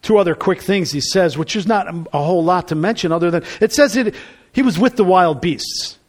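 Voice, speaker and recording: A man's voice: sits high, fairly quick. A man preaching a sermon in a conversational way, building to emphatic bursts. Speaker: pastor.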